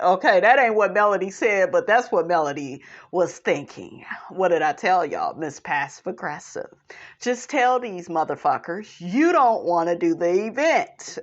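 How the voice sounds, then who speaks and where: A woman's voice: mid-range voice, lively intonation, measured pace, fairly bright tone, faint music behind. A woman vlogger recapping a reality show in blunt, sassy, profane casual commentary, calling viewers "honey".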